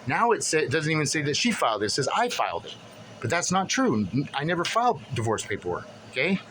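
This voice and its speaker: A man's voice: fairly high pitch, huge pitch swings, fast talker, fairly bright tone, slight background noise, poor audio. A man venting to the camera in a casual vlog, agitated and profane, rambling with many restarts as he reads through paperwork. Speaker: vlogger.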